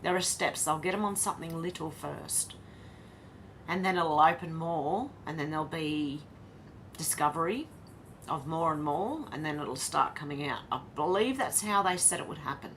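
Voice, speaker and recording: A woman's voice: sits low, animated, moderate pace, a bit bright, slight background noise. An Australian woman hosting a casual livestream, talking in a tired, wry way and reading out chat comments. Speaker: livestream host.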